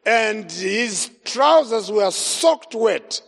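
A man with a high voice preaches his life story to a congregation, throwing himself into each scene and acting out every voice he quotes. His words ring out with a long hall reverb. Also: animated, extremely slow, vocal fry, a bit bright. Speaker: evangelist. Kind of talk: testimony sermon.

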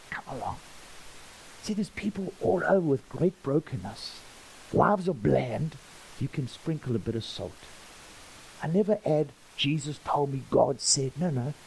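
A man, a pastor preaching a sermon and acting out the dialogue of his stories with lively energy. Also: mid-range voice, creaky, a little hiss or hum, low-quality recording. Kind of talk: storytelling sermon.

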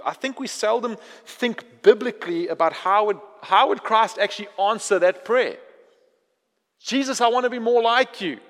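A man with a high-pitched voice delivers an animated sermon, acting out prayers and conversations with God. His voice echoes with a long reverb, as in a large hall. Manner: animated preaching, acting out prayers, dropping to quiet intensity. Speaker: pastor.

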